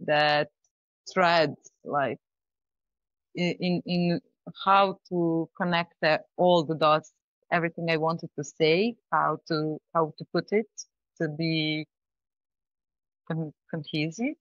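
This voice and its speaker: A woman guest talking casually about pitching, in a thoughtful, halting way with restarts. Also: steady tone, no echo. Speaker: startup founder, guest. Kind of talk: casual interview talk. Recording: slightly dull lo-fi audio.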